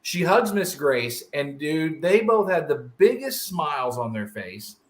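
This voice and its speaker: A middle-aged man co-hosting a podcast, telling family stories in a chatty, animated way. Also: on the high side, a little slow. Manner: animated, chatty, calls his partner dude. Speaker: podcast co-host. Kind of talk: casual chat, personal storytelling. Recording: roomy echo.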